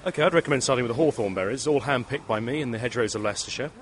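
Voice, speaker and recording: A man pitching his food products at a stall, enthusiastic and persuasive. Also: racing.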